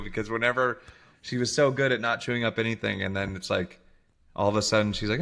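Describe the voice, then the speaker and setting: A man co-hosting a casual podcast chat over a remote call, animated, sometimes acting out his dog in a squeaky voice. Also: a little fast, vocal fry. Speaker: podcast co-host. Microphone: remote recording call.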